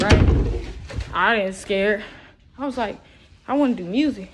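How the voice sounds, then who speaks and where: Young woman, slightly high voice, profane, rambling, casual video monologue. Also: normal speed, long pauses, noisy background. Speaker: vlogger.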